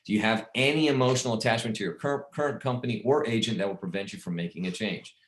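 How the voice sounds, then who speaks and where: A man's voice: on the low side, fast talker, echoey room. A man casually coaching insurance agents on sales calls, rambling and repeating himself as he talks. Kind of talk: casual sales training talk.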